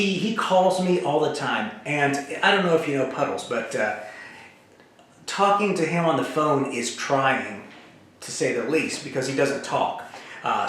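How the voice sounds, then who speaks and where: A middle-aged man hosting his own comedy show, rambling in a deadpan way and jumping from topic to topic with halting restarts. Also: a little high. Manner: halting, many fillers and restarts. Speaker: host. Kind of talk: rambling comedic monologue to camera. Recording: very echoey room.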